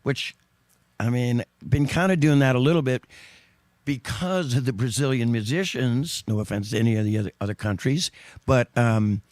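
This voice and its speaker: A man's voice: mid-range voice, moderate pace, darkish tone, no echo. A man in easy conversation, telling anecdotes in a loose, rambling way. He stops to correct himself and laughs often. His voice sits in a middle register and is recorded close and dry, with no room sound. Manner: rambling, self-correcting storyteller with frequent laughs. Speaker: guest singer. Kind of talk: casual chat.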